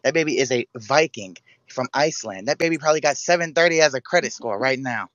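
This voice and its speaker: A man's voice: mid-range voice, animated, quick pace, fairly bright tone, dull audio, natural voice. A man doing a brash stand-up comic. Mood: mocking. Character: brash stand-up comic telling a jail story.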